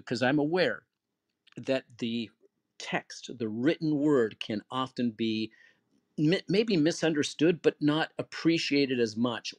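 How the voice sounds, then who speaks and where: Man, host, earnest explainer, mid pitch, dry close sound. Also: no room sound. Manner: earnest and explanatory, acts out example phrases with stressed words. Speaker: host and moderator. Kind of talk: conversational advice talk.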